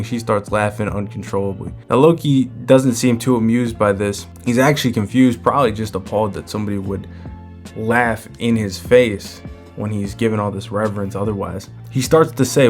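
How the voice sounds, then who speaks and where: A man giving a relaxed, casual recap of a manga chapter and chuckling as he retells its scenes. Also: lowish voice, normal speed, soft background music.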